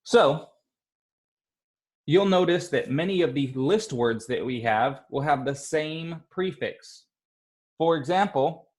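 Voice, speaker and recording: A male teacher leading an online class, speaking slowly and patiently and encouraging the children. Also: mid-range voice. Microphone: computer mic on a video call.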